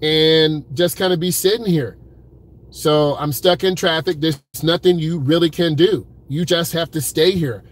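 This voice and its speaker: Laid-back high-voiced man driving. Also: steady tone, a little slow. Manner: laid-back, talks straight to viewers, repeats "keeping it real". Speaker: driving vlogger. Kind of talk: casual live-stream chat from the car. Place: in a car at an airport pickup lane.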